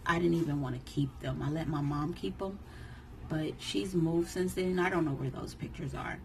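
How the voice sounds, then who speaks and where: A woman in her thirties tells a painful personal story to camera in a lowish voice. She talks emotionally, acting out the lines of the people around her. Faint noise sits under the recording. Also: low-quality recording. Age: 30s. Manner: emotional, animated retelling that acts out others' lines. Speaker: vlogger.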